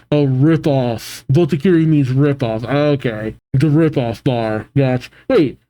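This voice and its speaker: A man hosting a manga reaction video, reading along and reacting emotionally with sighs and halting exclamations. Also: mid-range voice, warm tone, rough recording. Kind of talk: casual reading and reacting to a comic.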